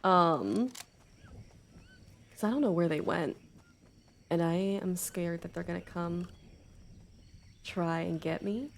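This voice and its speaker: A woman's voice: lowish voice, slow pace, creaky, pauses often, a little hiss or hum. A woman streaming a shooter game live, chatting with viewers, yelping, laughing and apologizing as the match gets tense. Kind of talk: live gaming stream chat.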